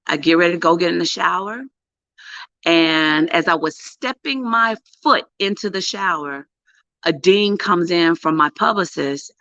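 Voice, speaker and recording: A middle-aged woman and PR coach telling a story to camera in a casual, animated way, with emphatic bursts and hushed asides. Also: low voice, no room sound. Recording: dull lo-fi, dry sound.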